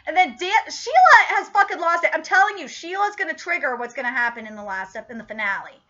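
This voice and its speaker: A woman reviewing a TV episode in a casual, rambling, profane way, getting excited as she goes. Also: sits high, quick pace, few pauses, dull audio.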